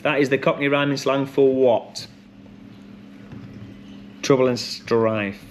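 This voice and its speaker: A man hosting a pub quiz, chatty and rambling with many ums and restarts, who reads each question and then repeats it slowly. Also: mid-range voice, steady tone, slight background noise. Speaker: quiz host.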